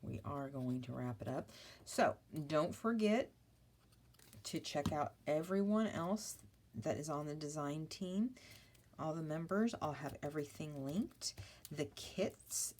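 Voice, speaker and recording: A woman's voice: low-pitched, measured pace, darkish tone, a little hiss or hum. A middle-aged woman chatting through a crafting vlog, rambling and apologizing with self-mocking asides. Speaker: papercraft vlogger. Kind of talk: casual crafting vlog chat.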